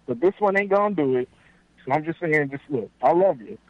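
A man's voice: fairly high pitch, expressive, no echo, muffled recording. A man calling in to a talk radio show. He rambles and keeps restarting his sentences. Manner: rambling, halting, lots of restarts. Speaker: caller and fellow show host.

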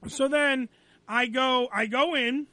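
A man hosting a radio show, telling an angry, profane story about being fired, loud and repetitive. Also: very high-pitched, steady tone, takes it slowly, dry recording. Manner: angry, loud, swearing, repeats himself.

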